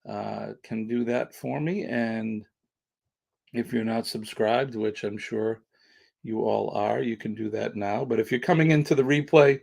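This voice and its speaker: A man's voice: medium pitch, gravelly, darkish tone. A man hosting a casual live stream, chatting with viewers in the comments.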